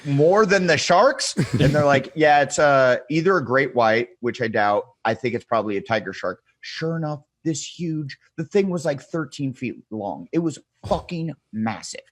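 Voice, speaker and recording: Animated man telling a wild story. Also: mid-range voice, moderate pace, hardly any pauses, dry recording. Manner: animated storyteller, acts out quotes, swears freely, laughs often. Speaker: podcast guest. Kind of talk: casual storytelling chat.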